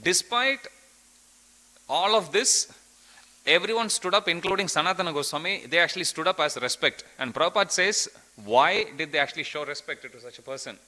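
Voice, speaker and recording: A man's voice: fairly high pitch, animated, brisk, pushed and bright, poor audio. A man giving an earnest devotional scripture class, telling a story and quoting verses.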